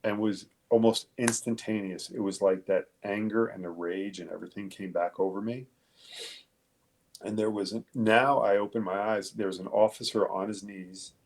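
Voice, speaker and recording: A middle-aged police detective from Long Island, New York, recounts his story in a casual interview, halting and swearing, full of fillers and restarts. His voice sits fairly low, with a fairly even intonation and a darkish tone.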